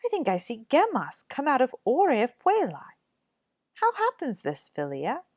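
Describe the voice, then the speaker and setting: A woman voicing a sharp, scolding mother in a storybook read-aloud, brusque and shrill. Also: very animated, normal speed, no room sound, studio quality.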